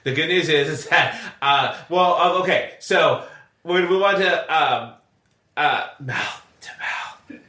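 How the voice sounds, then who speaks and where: A man's voice: on the high side, a little slow, pushed and bright, echoey room. A man co-hosting a podcast, chatting casually and rambling with frequent laughs. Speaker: podcast co-host. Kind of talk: casual chat.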